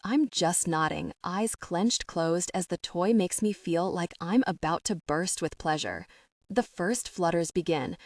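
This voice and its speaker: A woman reads a first-person romance audiobook in a soft, intimate voice, somewhat low in pitch. The sound is dry and close, with no room around it. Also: expressive, unhurried, no room sound. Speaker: audiobook narrator.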